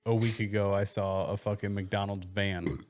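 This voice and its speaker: Low-voiced man in laid-back chat. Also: little pitch movement, normal speed, darkish tone. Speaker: podcast guest. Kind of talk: casual crude banter.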